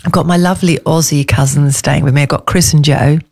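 A woman's voice: sits low, fairly even intonation, brisk, vocal fry, a little mellow. Chatty lady co-host on the radio, rambles on, laughs a lot, studio mic. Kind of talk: casual radio chat.

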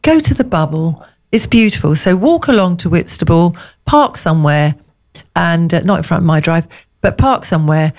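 A woman co-hosting a casual chat, telling rambling, animated anecdotes. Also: on the low side, moderate pace. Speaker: co-host.

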